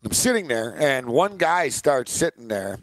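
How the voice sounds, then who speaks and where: A man's voice: mid-range voice, big pitch swings, measured pace, no room sound. A man who works in sports media, co-hosting a casual sports podcast, telling a joking story with lots of "like" fillers. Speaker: podcast co-host.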